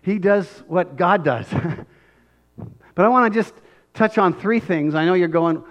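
A male pastor giving a conversational, animated sermon, often checking in with tag questions and acting out scenes. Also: high voice, moderate pace, highs cut off.

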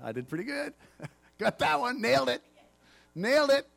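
Peter, a preacher putting on an eager pushy disciple. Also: male voice, high voice, normal speed, dry recording, close to an everyday voice. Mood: smug. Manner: casual, pleading, pushy. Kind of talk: sermon retelling.

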